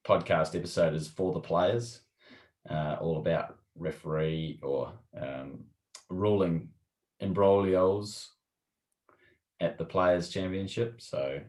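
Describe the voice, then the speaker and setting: A man's voice: deep voice, a little mellow. A man co-hosting a podcast, answering in brief, matter-of-fact casual chat. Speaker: podcast co-host. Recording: echoey room.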